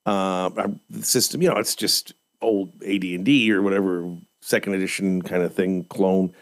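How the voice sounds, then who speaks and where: A man co-hosting a podcast in casual chat, telling game anecdotes with lively energy and frequent laughter. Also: deep voice, normal speed. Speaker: podcast co-host.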